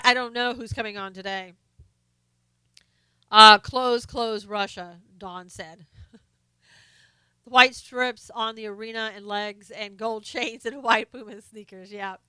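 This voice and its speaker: Her voice failing, a woman running a casual live stream reads viewers' comments in a chatty, stop-start way full of fillers and restarts. The medium-pitched voice has a sharp, clean tone and there's no room sound.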